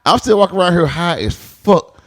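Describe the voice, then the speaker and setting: A man's voice: high-pitched, brisk, crowd noise. A man who is a stand-up comedian, guest on a podcast, telling crude stories with plenty of laughter and acted-out quotes. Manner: animated, acts out quoted lines, laughs often.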